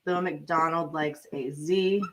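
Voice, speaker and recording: Female host, young adult, lower-pitched, loose rambling livestream chatter about betting picks. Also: fairly even intonation, takes it slowly. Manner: chatty, rambling, frequent ums and laughs. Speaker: sports betting show host. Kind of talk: casual livestream chat.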